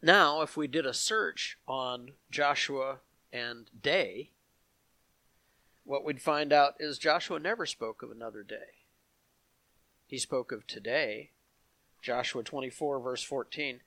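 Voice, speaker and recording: Reading Bible passages aloud verse by verse, this man explains them and turns to his congregation with asides. He speaks at medium pitch, slowly and with frequent pauses, in a pushed, bright voice with no room sound.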